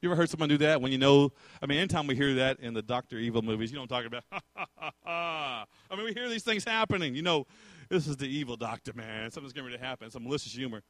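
A man's voice: medium pitch, rapid-fire, a bit bright, no room sound. A man preaching a sermon, telling stories emphatically and acting out quotes. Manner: emphatic, storytelling, acts out quotes and laughs.

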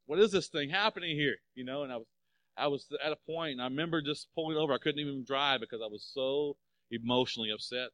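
A middle-aged pastor preaches a sermon emphatically at a quick pace, his intonation fairly even overall. He swells louder on key phrases and drops low when telling personal stories.

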